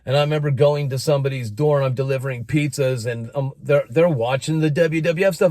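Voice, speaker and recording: A middle-aged American man telling a personal story in a casual monologue, animated and expressive. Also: mid-range voice, a little fast, few pauses, no room sound. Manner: animated, breaks into announcer-style shouting when quoting.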